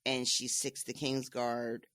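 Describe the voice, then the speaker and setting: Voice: medium pitch, monotone, slow pace, a bit bright, no room sound, studio quality. A podcast co-host casually recapping book chapters, laughing often.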